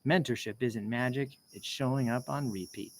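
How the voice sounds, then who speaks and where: A man's voice: mid-range voice, moderate pace, slight background noise, rough recording. A man hosting a casual show, reading posts aloud and wandering off into enthusiastic personal asides. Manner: meandering, self-interrupting, enthusiastic asides. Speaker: host reading social media posts. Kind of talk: casual rambling commentary.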